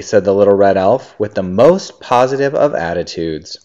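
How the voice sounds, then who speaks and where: A man reading a children's story aloud and chatting with his child, a gentle, animated storyteller. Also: on the low side, moderate pace. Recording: dull lo-fi recording.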